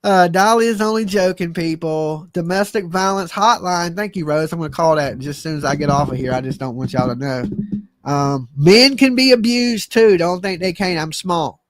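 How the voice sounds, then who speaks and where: A man's voice: high voice, dry recording, clean studio sound. A middle-aged man hosting a live stream, reading chat comments and joking in a goofy, self-mocking, slangy way.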